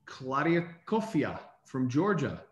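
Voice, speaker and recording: A man hosting a casual online call, reading out names in an upbeat, brisk way. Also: mid-range voice, wildly swooping pitch, reverberant, lo-fi sound. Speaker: host.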